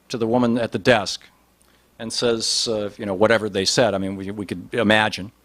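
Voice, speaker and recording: A man telling a long anecdote in a rambling, animated way, with many restarts and fillers. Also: medium pitch. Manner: rambling, animated, voice rises sharply in quoted lines. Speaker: speaker telling a story. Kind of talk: anecdotal storytelling talk.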